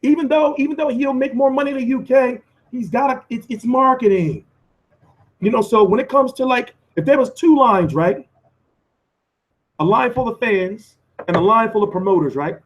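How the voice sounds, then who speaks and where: An American man hosting a live boxing stream, answering viewer comments in a profane, animated rant with lots of restarts and repeats. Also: extremely high pitch, moderate pace. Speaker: boxing commentator and channel host.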